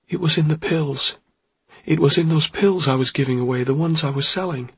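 A tearful young woman pleads in a voice pitched well above her reader's own, breaking with distress, as a man puts her on. The tone underneath stays husky, and the read sounds close and dry. She rushes through her apology with an urgent, pleading edge. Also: no echo. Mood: distraught. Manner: pleading, voice raised high.

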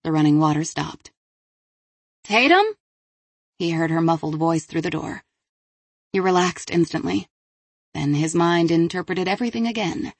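A woman reading an audiobook as narrator, with measured, even storytelling. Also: deep voice, no echo. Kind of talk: scripted narration.

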